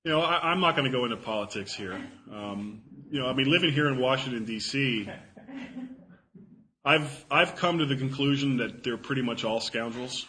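A man's voice: medium pitch, moderate pace, bright, forceful tone, a little hiss or hum, low-quality recording. A man giving a casual talk and answering audience questions, chatty and self-deprecating, often repeating words as he thinks.

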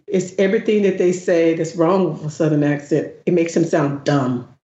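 A woman's voice: deep voice, moderate pace, dark tone. A woman from the American South, co-hosting a podcast in casual chat, opinionated and laughing often. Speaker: podcast co-host. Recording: roomy lo-fi sound with faint hiss.

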